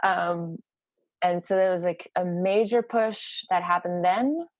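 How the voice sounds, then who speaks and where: A woman sharing a personal story in casual conversation, animated and halting, with many fillers. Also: lowish voice, dry recording. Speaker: podcast guest.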